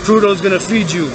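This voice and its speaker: A man from Canada giving a loud, profane, rambling rant, chanting and repeating words. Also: high voice, gravelly, background noise. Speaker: vlogger.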